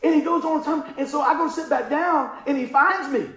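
A pastor delivers a storytelling sermon at normal speed, his voice pitched very high for a man. He chuckles often and animatedly takes on the voices of the people he quotes, while the sound rings through an echoey room.

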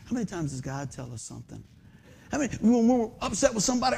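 Lively high-voiced preacher man. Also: quick pace, gravelly, breathy edge. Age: 50s. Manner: animated, folksy, asks the crowd questions. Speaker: pastor. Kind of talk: sermon. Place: church sanctuary under stage lights.

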